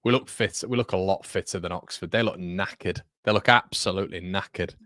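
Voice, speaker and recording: A young man hosting a live football watchalong, chatty and excitable, jumping from loud outbursts to muttering. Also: low-pitched, brisk, dry recording, clean studio sound. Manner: excitable, chatty, swings between shouting and muttering. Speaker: watchalong host. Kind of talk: live match watchalong commentary.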